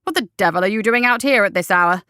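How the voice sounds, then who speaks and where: A woman voicing a short, brisk and pompous male guild captain. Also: mid-range voice, bright, forceful tone, clear, resonant tone, no echo, studio quality, natural voice. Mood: blustering.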